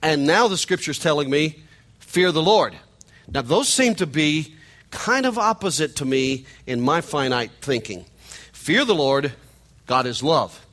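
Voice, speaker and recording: A man's voice: a little high, expressive, measured pace, a bit bright. A middle-aged man with a nasal Missouri twang preaching a sermon in a conversational, joking way. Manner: conversational, joking asides to the congregation. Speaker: pastor.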